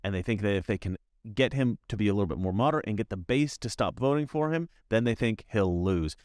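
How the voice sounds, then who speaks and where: A man giving opinionated commentary as a YouTuber, emphatic and repetitive, with animated asides. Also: on the low side, fast, dry recording, clean studio sound.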